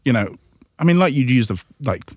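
A man's voice: medium pitch, big pitch swings, fast talker, a little mellow, no room sound. An English man from Nottingham chats as a guest and pokes fun at himself with a wry edge. His voice sits in a middle register. The recording is close and dry. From Nottingham, England. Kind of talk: casual chat.

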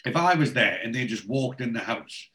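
A man talks through a TV episode on a podcast with a loose, rambling flow. His voice sits at an ordinary middle pitch, and he throws in casual swearing as he goes. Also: expressive, normal speed, bright, forceful tone. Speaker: podcast co-host. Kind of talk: casual chat recapping a TV episode.

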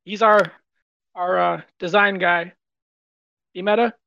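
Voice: mid-range voice, fairly even intonation, takes it slowly, sharp tone, a little hiss or hum. A team member chatting easily in a casual online Q&A. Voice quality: gravelly. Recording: dull lo-fi call audio.

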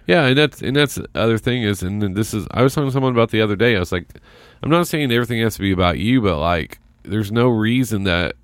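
A man's voice: fairly low pitch, lively intonation, quick pace, few pauses, no echo. A man hosting a casual chat show, reading from an article and talking in loose, rambling sentences. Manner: conversational, reads from articles, trails off into restarts.

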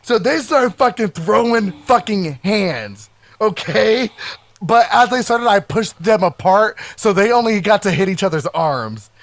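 High-voiced man telling a rowdy story. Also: a little slow, dry recording. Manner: animated, profane, acts out quotes loudly. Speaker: podcast co-host. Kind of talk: casual storytelling chat.

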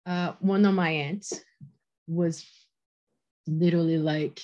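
Halting, emotional woman telling a story. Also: low voice, fairly even intonation, dark tone. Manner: halting, repeats words, acts out quoted voices. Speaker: podcast guest. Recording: dull lo-fi audio.

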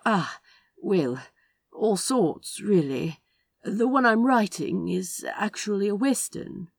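A prim, fussy gentleman author who picks his words with care and a slightly airy politeness, as a woman voices him. His lines move up and down lively, recorded close and dry. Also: mid-range voice, takes it slowly, vocal fry, slightly rough, no echo, voice pushed up, exaggerated voice. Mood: polite, careful. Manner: polite, careful and a little airy.

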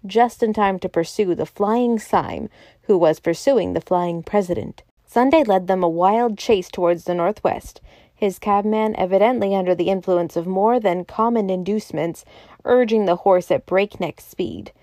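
A woman with a mellow, mid-range voice narrates a novel as an audiobook, reading from a script at a moderate pace. The studio sound is clean, with no echo.

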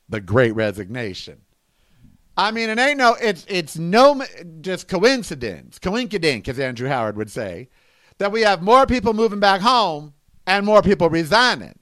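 A middle-aged man holds forth on his solo podcast in a sassy, exasperated rant, his high voice swooping through a wide, lively range. The sound is dry and close, with no room around it. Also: normal speed, no room sound. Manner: sassy, exasperated ranting with rhetorical questions. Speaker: podcast host.

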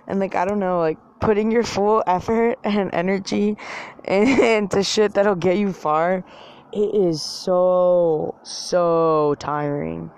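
A woman's voice: on the low side, fairly even intonation, slow, a little mellow, smooth. A woman ranting casually to her viewers, rambling, swearing often and mocking herself. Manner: rambling, profane, self-mocking, filler-heavy. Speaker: vlogger. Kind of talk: casual rant to camera.

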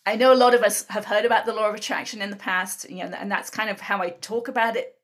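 A woman's voice: medium pitch, fairly even intonation, quick pace. A woman guest explaining her ideas in an interview, talking earnestly and often checking in with "right?". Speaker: guest speaker on emotional tapping.

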